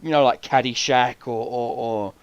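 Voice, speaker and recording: A man hosting a podcast, telling an animated story full of swearing and acted-out voices. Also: medium pitch, moderate pace, clear, resonant tone, no room sound, lo-fi sound. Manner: swears freely, animated, acts out quoted voices. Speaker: podcast host. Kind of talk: casual storytelling chat.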